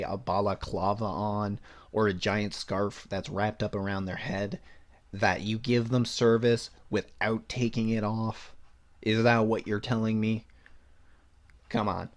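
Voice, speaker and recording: A young man with a slightly low voice hosts his own podcast, reading news aloud in a plain way. He keeps cutting in with blunt, sarcastic asides and swears without a second thought. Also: darkish tone. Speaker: podcast host. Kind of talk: solo opinion podcast, reading news and ranting.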